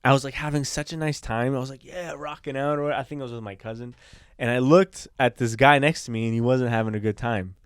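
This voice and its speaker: A man from Canada co-hosting a comedy podcast, telling stories in an animated way and laughing easily. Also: mid-range voice, fast talker, clean tone, no room sound, studio quality. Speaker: podcast co-host. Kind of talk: casual comedy podcast chat.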